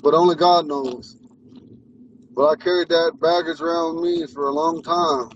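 A man's voice: a little high, fairly even intonation, moderate pace, recorded from a distance, highs cut off, slight background noise. A man with a lisp, a Ponca language teacher, talking in a rambling, earnest way while he drives. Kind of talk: casual talk while driving. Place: inside a car on the road.

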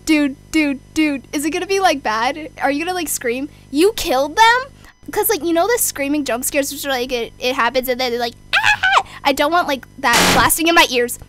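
A young woman commenting on a horror game, easily scared, swearing, shouting and joking at the screen. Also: sits high, brisk, slight background noise. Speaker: gamer.

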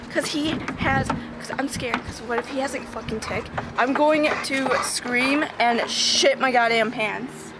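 A teenage girl with a high voice talks slowly to her camera in a casual vlog, swearing freely and yelling at her dogs in the yard. Outdoor ambience hums clearly behind her. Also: background noise. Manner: excitable, swears a lot, yells at her dogs. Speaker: vlogger.

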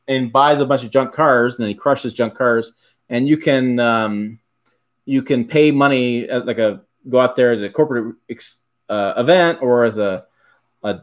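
A middle-aged man from Michigan hosting a casual livestream, rambling and correcting himself as he answers viewers' questions. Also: medium pitch. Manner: rambling, self-correcting, chuckles often. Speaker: livestream host.

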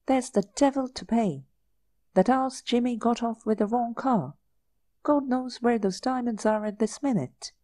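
A woman's voice: high voice, huge pitch swings, moderate pace, few pauses, warm tone, dry recording, pitched above the performer's own voice. A woman reading the part of an agitated young man-about-town, blurting urgent, exasperated lines.

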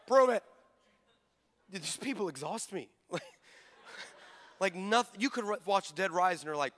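A male pastor preaching a sermon, telling stories with lively energy, acting out the people in them, and bursting into shouts. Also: sits high, measured pace, long pauses. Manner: acts out the people in his stories.

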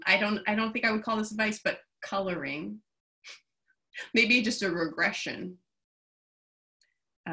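A woman hosts a casual video call in a bright, clear-toned voice. She speaks in a relaxed, candid way with a wry edge. The sound is that of a home video call. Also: mid-range voice. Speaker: director, host of the call.

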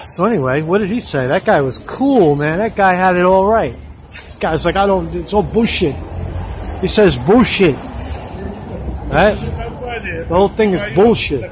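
A chatty, joking man with a slightly high voice hosts a casual street-interview vlog and often repeats himself. He films with a handheld camera held at arm's length. Loud traffic noise surrounds him on a busy street. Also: animated, measured pace, pauses often, rough recording.

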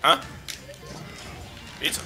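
A man's voice: extremely slow, pushed and bright, soft background music. A man doing casual, joking game commentary with friends, swearing and crying out at the action. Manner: joking, swearing, playful outbursts. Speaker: gaming channel co-host. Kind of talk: casual let's-play commentary.

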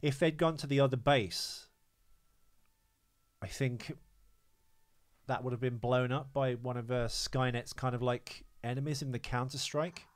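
A man's voice: medium pitch, steady tone, unhurried, pauses often. A man hosting a podcast, rambling with many fillers while explaining film trivia. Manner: rambling, hesitant, lots of fillers. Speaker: podcast host. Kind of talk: casual chat.

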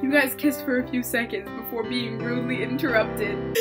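A woman's voice: fairly high pitch, fairly even intonation, normal speed. Young female YouTuber, dramatic and shrieky, reads fan fiction over background music. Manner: dramatic, shrieking and laughing in disbelief. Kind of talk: reading fan fiction aloud with reactions.

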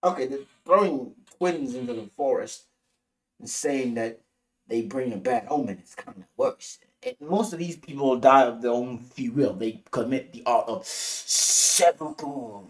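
Animated, profane man reviewing a TV episode. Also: a little slow. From Africa. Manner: rambling, animated, profane, swings pitch widely. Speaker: TV show reviewer. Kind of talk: casual episode review commentary.

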